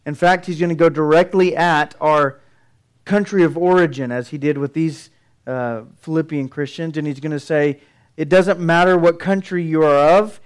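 A middle-aged male pastor preaching a sermon, earnest and building emphasis through his points. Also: fairly high pitch.

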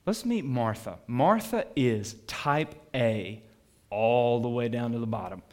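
A man preaching a sermon to his congregation in a conversational way, asking them questions and swinging between loud bursts and quiet asides. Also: mid-range voice, lively intonation, slow. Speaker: pastor.

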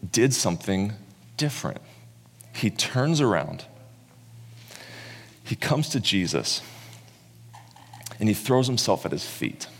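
A man preaching a sermon, telling the story in an animated way and acting out the words of its characters. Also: fairly low pitch, a little hiss or hum. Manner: animated storyteller who acts out quotes. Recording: long reverb in a large hall.

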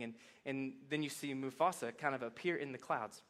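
A man preaching a sermon to a congregation, with a folksy, animated delivery that moves from soft reflection to excited emphasis. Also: brisk, hardly any pauses. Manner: animated, swings from soft reflective lows to loud excited highs; folksy, addresses congregation as y'all. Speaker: pastor. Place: church sanctuary.

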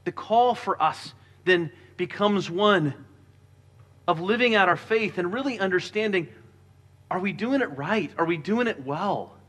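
A man delivering a sermon with a bright, forceful voice pitched a little high. He preaches earnestly and drops lower and softer when reading scripture. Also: lively intonation, a little slow. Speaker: pastor.

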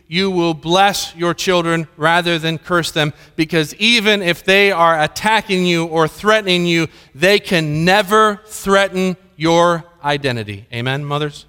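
A middle-aged preacher delivers a sermon in a high, bright, crisp voice. He slips into storytelling and acts out the voices of the people in his anecdotes. His words ring out with a long reverb in a large hall. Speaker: pastor.

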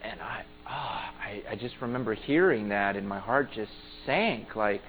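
A man's voice: fairly low pitch, measured pace, few pauses, fairly bright tone, a little hiss or hum. A man preaching a sermon, earnest and pleading, often repeating his words as he urges the listeners. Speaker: pastor. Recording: phone-like sound with long hall reverb.

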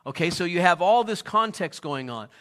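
A middle-aged pastor delivering a sermon with a bright, forceful voice pitched a little high. He talks in a conversational way and keeps turning to the congregation with questions like he's chatting with them. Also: lively intonation, normal speed.

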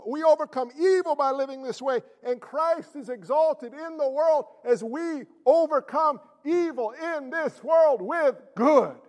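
A man's voice: very high voice, measured pace, hardly any pauses, darkish tone. A male pastor preaching an impassioned, blunt sermon in plain folksy talk, in a church sanctuary. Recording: long hall reverb.

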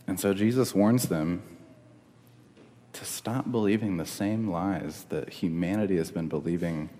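Deep slow-speaking young pastor in a hall. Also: male voice, dark tone. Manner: earnest, conversational preaching with restarts. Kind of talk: sermon. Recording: long reverb of a hall.

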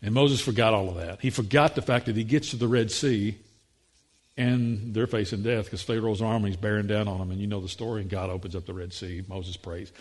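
Man, preacher, sermon, husky, animated quoted voices. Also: fairly quick. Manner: acts out voices in quotes, rising excited pitch.

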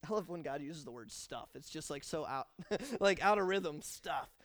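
Animated high-voiced male preacher. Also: no echo. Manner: animated, conversational, quick to laugh. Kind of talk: sermon.

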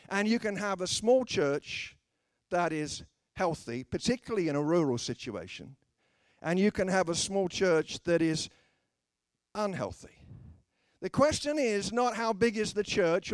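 High-voiced emphatic preacher. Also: male voice, no echo, studio quality. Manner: emphatic, jokey asides to the congregation. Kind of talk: sermon.

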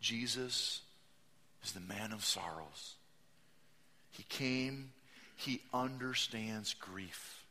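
Male pastor, sermon, bright ringing voice, lively storytelling, acted-out quotes, bursts of shouting. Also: on the low side, very slow, long pauses. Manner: animated storytelling, acting out quotes, shouting for emphasis.

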